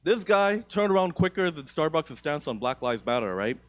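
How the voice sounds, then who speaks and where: A man's voice: fairly high pitch, big pitch swings, moderate pace. A young man doing stand-up comedy on a theatre stage, profane, rambling and self-mocking, into a handheld mic.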